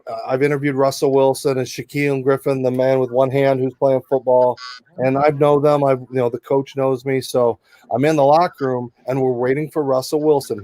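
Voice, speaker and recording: A man's voice: medium pitch, warm tone, dry recording. A middle-aged man, a sports reporter guest, telling rambling stories in a casual interview. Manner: chatty, rambling, many asides.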